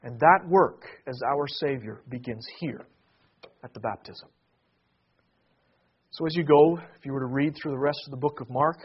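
A man preaching a sermon in a husky, fairly high voice. His delivery swells into emphatic peaks and then falls back to hushed lines. The recording is dull and lo-fi. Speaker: pastor.

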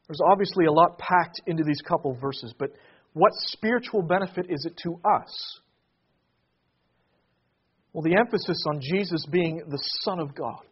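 A man preaching a sermon in a husky, fairly high voice. His delivery swells into emphatic peaks and then falls back to hushed lines. The recording is dull and lo-fi. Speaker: pastor.

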